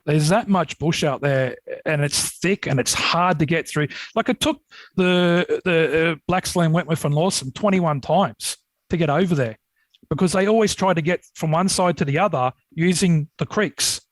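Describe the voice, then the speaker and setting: An Australian man telling rambling stories as a podcast guest, getting animated when he retells a scare. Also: fairly high pitch, normal speed, no room sound, rough recording. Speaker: podcast guest, Yowie researcher. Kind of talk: casual storytelling.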